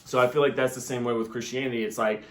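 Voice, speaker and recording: Man, rambling vlog monologue, earnest, lots of filler words, middle pitch, echoey room. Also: fairly even intonation, very fast, fairly bright tone. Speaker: vlogger. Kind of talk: casual personal monologue.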